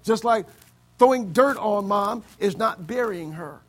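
An American pastor preaches a sermon, swinging between loud exclamations and low, quiet stretches. He is animated yet keeps a measured pace.

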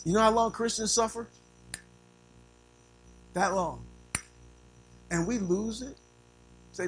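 A man preaching a sermon, animated, using call-and-response and acting out little scenes. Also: extremely high pitch, unhurried, long pauses, poor audio. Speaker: pastor.

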